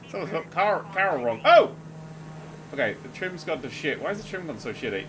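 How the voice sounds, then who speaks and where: Excitable sweary man gaming. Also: on the high side, moderate pace, slight background noise, low-quality recording. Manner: excitable, sweary, laughing running commentary. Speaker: gaming video host. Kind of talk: casual let's-play commentary.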